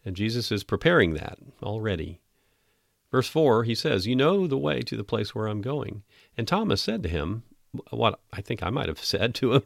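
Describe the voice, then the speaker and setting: A man hosting a podcast Bible teaching, earnest and emphatic, reading scripture slowly. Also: on the low side, very animated, creaky, no room sound, studio quality.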